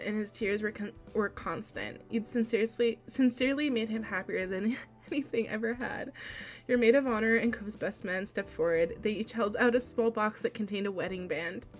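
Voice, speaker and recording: Woman, young adult, streamer, reading a visual novel aloud, soft and unhurried, fillers and light laughs, medium pitch, faint music behind.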